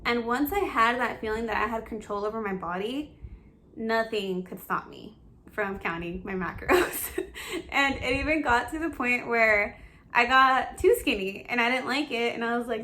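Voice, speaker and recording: Young woman vlogger, slightly high voice, candid, laughs through tears while telling her story. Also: normal speed, slight background noise. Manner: candid and emotional, laughs through tears, animated self-talk. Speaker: fitness vlogger. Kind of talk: personal storytelling to camera.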